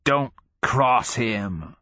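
A man doing a cackling, raspy mad old sergeant. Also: medium pitch, expressive, drawn-out words, bright, forceful tone, no echo, dull audio, pitched above the performer's own voice, full character voice. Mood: conspiratorial glee. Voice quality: harsh rasping voice. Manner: cackling, rambling, conspiratorial.

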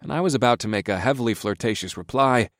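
A man narrating a first-person romance audiobook in a steady, low-key way. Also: quick pace, no echo, studio quality.

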